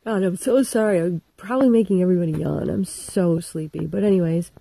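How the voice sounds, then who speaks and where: A woman's voice: on the low side, a little fast, gravelly, dark tone, breathy edge, low-quality recording. A middle-aged woman telling a story in a casual, irreverent and profane comic monologue.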